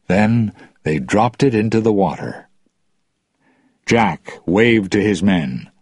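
Man reading a story aloud, slow, lively pitch, husky, dry recording. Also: dry recording. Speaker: narrator.

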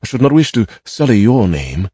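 A man voicing a quiet young gentleman scientist who speaks in clipped, restrained lines. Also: lowish voice, sing-song, moderate pace, slightly rough, no room sound, studio quality, voice pushed up. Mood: terse.

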